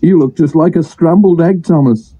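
A man's voice: a little high, normal speed, warm tone, breathy edge, in a large hall, pitched above the performer's own voice. A man voicing a good-humoured male engine driver who speaks wryly, on a dull lo-fi recording. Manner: wry, joking.

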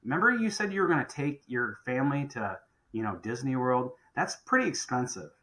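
His pitch swinging widely, a middle-aged contractor with his own business talks a little fast in a mid-range, slightly bright voice. In this podcast chat, captured on a rough recording, he speaks emphatically and repeats phrases as he restarts.

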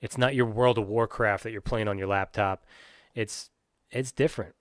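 A man's voice: on the low side, fairly even intonation, moderate pace, dry recording, clean studio sound. A man from Pennsylvania, hosting his own podcast and ranting in a profane, rambling way, full of restarts and fillers. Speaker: podcast host.

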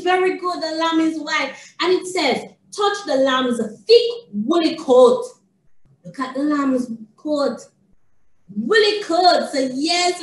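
High-pitched woman reading to a toddler. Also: a little hiss or hum. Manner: sing-song, exaggerated praise and questions. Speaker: early childhood educator. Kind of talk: reading a picture book to a young child. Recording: echoey room, distant mic.

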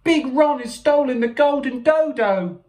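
A man doing a squeaky, panicky little zoo animal. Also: expressive, unhurried, darkish tone. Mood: panicked. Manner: squeaky, frantic.

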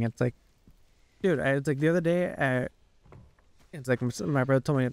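A man's voice: medium pitch, darkish tone, no echo. Young man ranting, full of "like". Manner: rambling, frustrated, swears a lot, fills every pause with "like". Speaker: gaming YouTuber. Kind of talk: casual rant while playing.

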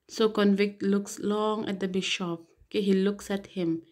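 A woman's voice: medium pitch, level tone, moderate pace, hardly any pauses. A woman teacher explaining and reading a play aloud to her students, with frequent okay and so. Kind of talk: literature lesson reading a play.

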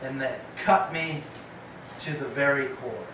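A man's voice: mid-range voice, measured pace, background noise. A man preaching a sermon, telling stories and acting out the voices of the people in them. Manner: animated, acts out quoted voices. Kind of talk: sermon with storytelling. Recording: echoey hall recorded from a distance.

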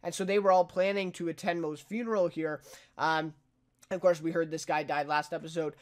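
A man's voice: a little high, fairly even intonation, brisk. A young man casually recapping a TV episode as a reviewer, chatty and full of fillers, laughing now and then. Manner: chatty, filler-heavy, laughs while retelling scenes.

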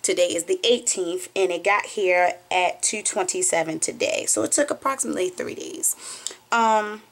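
A young woman with a Southern US accent, chatting excitedly as she unboxes a package for her vlog, recorded on a phone at home. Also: lowish voice, moderate pace, vocal fry. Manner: chatty, bubbly and excitable, squeals with delight. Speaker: beauty vlogger. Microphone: phone camera.

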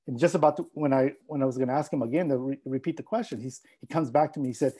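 Middle-aged man, native Spanish speaker, mellow husky tone, reflective heartfelt storyteller. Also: a little high, steady tone, fast, hardly any pauses, poor audio. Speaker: scholar and speaker. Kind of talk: personal storytelling talk.

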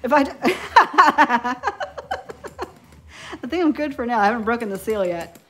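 A woman's voice: fairly high pitch, animated, rapid-fire. Chatty tipsy New York woman. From New York, Long Island. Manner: chatty, scattered, giggly. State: tipsy from wine. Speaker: nail beauty YouTuber. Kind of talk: casual live stream chat while swatching.

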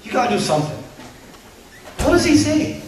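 A man preaching a sermon to parents, animated and humorous, acting out parents and kids. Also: very high-pitched, a little fast, a little hiss or hum. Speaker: Muslim preacher. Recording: roomy hall echo from a distance.

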